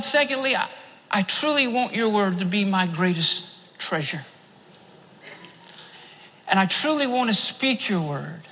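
A man's voice: sits high, pushed and bright. A male preacher delivering a fervent sermon, repeating phrases for emphasis and telling a story from a dream. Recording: long hall reverb.

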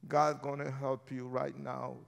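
A man preaching an impassioned sermon and altar call in a large church, swinging from shouts to hushed pleas. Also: medium pitch, flat delivery, a little slow, creaky, clear, resonant tone. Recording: long reverb of a large hall.

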